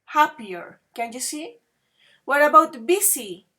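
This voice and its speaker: A woman teaching an English grammar class, patiently quizzing students and spelling out word endings slowly. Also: high voice, lively intonation, sharp tone.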